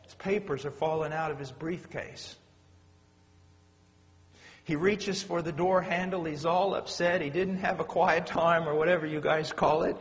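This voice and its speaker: A man preaching a sermon, swinging between loud urgent outbursts and quiet, low storytelling. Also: fairly even intonation, unhurried, big-room sound.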